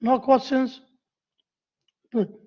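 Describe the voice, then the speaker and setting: A woman with an Arabic accent giving a university lecture. She pauses often, repeats key phrases and asks the class questions. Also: sits high, flat delivery. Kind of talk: classroom lecture on essay writing. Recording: dull lo-fi lecture recording.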